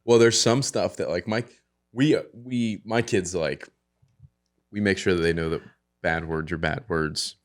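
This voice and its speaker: Deep-voiced laughing dad co-host. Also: male voice, steady tone, measured pace. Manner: laughs often, acts out quotes with a raised voice. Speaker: podcast co-host. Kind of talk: casual chat.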